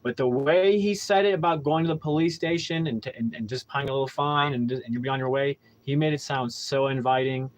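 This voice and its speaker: A young male podcast host rambles through an unscripted casual monologue, telling candid stories with heavy profanity and frequent restarts. His mid-range voice is brisk with few pauses. The audio quality is poor.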